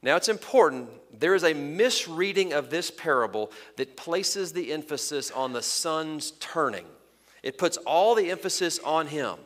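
A male pastor delivers a sermon in an earnest, emphatic way, slowing to press home his points. His voice sits a little high for a man. It rings out with the long reverb of a large hall. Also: lively intonation, a bit bright. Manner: earnest, emphatic preaching with slow deliberate stresses.

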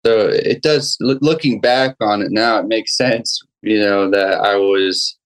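A young man, a guest musician, telling a personal story in a casual interview, halting with many restarts and fillers. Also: on the low side, fairly even intonation, clean tone, poor audio.

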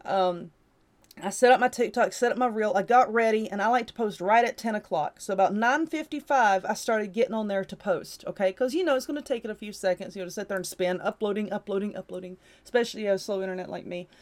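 A woman's voice: medium pitch, fast talker. A tired woman hosting a casual solo podcast, chatting and giving a motivational pep talk. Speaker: podcast host.

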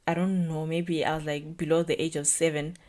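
A woman's voice: low voice, flat delivery, fairly quick, a little mellow. A young woman hosting a solo podcast, talking chattily and reflectively with lots of "like". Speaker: podcast host.

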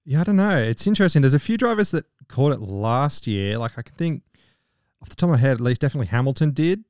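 A young Australian man talks on a casual podcast, laid-back and opinionated. His voice is mid-pitched and sounds dry and close, with no room echo. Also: animated, fast, darkish tone. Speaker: podcast co-host.

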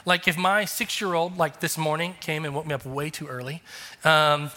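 Pastor, male, 30s, earnest conversational sermon, higher bright voice, echoing church hall. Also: fairly even intonation, moderate pace. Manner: earnest, conversational, emphatic preaching.

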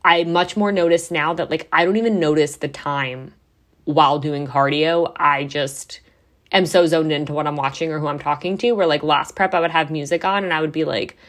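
A woman's voice: low-pitched, steady tone, moderate pace. A young adult woman hosting a podcast, chatting casually and swearing now and then, with lots of "like". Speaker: podcast host.

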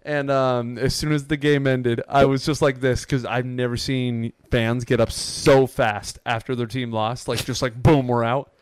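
Smooth-voiced young man telling stories. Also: mid-range voice, measured pace, hardly any pauses, no room sound. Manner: excited, rambling with fillers. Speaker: podcast co-host. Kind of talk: casual storytelling chat.

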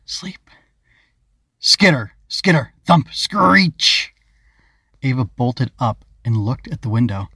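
A man narrating his own children's story as an audiobook, in a calm, even storytelling manner. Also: mid-range voice, no room sound, studio quality. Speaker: author and narrator.

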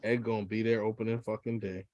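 A man co-hosting a podcast in casual chat, excitable and joking. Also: fairly low pitch, quick pace, dry recording. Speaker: podcast co-host.

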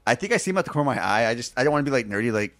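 A man's voice: mid-range voice, sing-song, racing, fairly bright tone, no room sound. Rambling self-mocking man. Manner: rambling anecdotes with many fillers, self-mocking. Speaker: podcast co-host. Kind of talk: casual chat.

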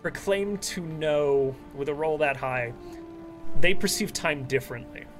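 A man's voice: a little slow, over music. A man narrating vividly as game master of a tabletop game. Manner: vivid descriptive narration with lively pitch.

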